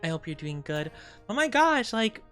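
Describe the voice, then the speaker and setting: Woman streamer, rambling and giggly, sleepy and yawning, middling voice, soft music underneath. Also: medium pitch, very animated, moderate pace. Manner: rambling, giggly, talks straight to chat. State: tired and yawning. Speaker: VTuber streamer. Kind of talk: casual live-stream chat.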